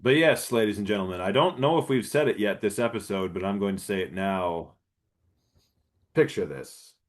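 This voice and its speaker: Low-voiced man swearing through a movie recap. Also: fairly quick. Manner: profane, rambling, clears throat often. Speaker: podcast host. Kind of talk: casual comedic movie recap.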